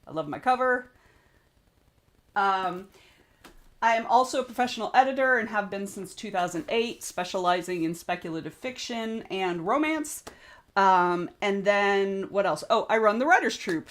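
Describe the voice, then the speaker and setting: A woman's voice: mid-range voice, expressive, moderate pace. Chatty Southern woman streamer. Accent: Southern US (Georgia). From United States. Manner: chatty, rambling, greets viewers by name. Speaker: streamer and author. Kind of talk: casual livestream chat.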